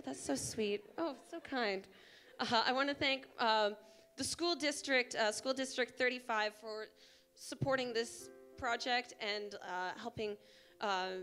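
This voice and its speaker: A young woman organizer giving a gushing, excitable thank-you speech on a theater stage with a handheld mic. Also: medium pitch. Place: theater stage before an audience. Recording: live theater with audience sounds. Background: audience.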